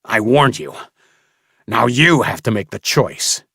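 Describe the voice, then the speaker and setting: A man's voice: fairly low pitch, expressive, measured pace, gravelly, a bit bright, slightly rough, dry recording, clean studio sound, heavily acted. A man doing a roaring, cruel captor. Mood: menacing. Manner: roaring and growling. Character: enraged cruel adult male captor with a rifle.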